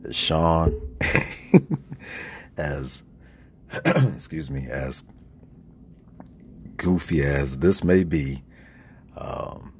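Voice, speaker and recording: Super deep voiced guy talking slow, podcast host doing his radio voice, bit of hiss behind. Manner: deep, deliberate radio-style delivery. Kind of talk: slow personal shout-out monologue. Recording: faint background noise.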